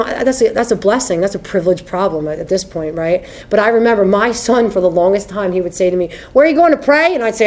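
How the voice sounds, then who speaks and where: An AA speaker in her thirties from the United States tells her recovery story in a low-leaning, darkish voice. She keeps it conversational and open, repeatedly adding "you know what I mean."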